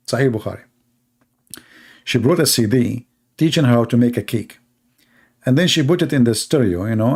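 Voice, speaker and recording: A man's voice: medium pitch, darkish tone. A man giving a mocking commentary on religion, telling sarcastic stories and mimicking other people's voices.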